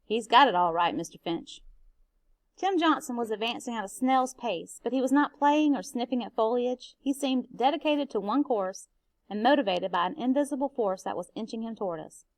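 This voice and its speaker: A woman, a teacher, reading a novel aloud in a steady, expressive way. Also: a little high, brisk, no echo.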